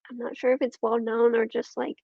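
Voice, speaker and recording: High-voiced woman, hesitant and dry. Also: level tone, brisk, gravelly, darkish tone, no echo, lo-fi sound. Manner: hesitant, full of ums and trailing thoughts. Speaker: podcast guest. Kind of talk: casual conversation.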